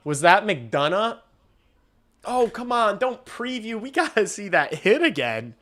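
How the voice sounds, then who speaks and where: A man streaming a hockey game and calling the play-by-play, excitable and swearing casually, shouting on big plays. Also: high voice, measured pace. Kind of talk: live watch-along hockey commentary.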